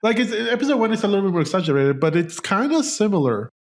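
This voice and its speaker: A man's voice: high-pitched, very animated, fast. A man hosting a casual film podcast chat, talking animatedly with frequent restarts and casual swearing. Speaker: podcast host.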